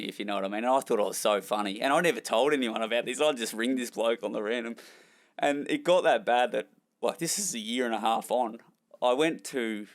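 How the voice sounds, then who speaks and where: A young Australian man, a former jockey, telling rambling, self-deprecating stories in an interview. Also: mid-range voice. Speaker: former jockey and trainer, guest. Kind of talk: candid storytelling in a podcast interview.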